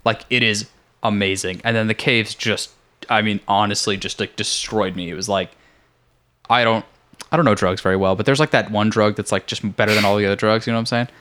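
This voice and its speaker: A man's voice: lowish voice, fairly even intonation, brisk, a bit bright, a little hiss or hum. Rambling young man hosting a podcast. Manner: rambling, lots of fillers, laughs often. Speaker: podcast host. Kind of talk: casual chat.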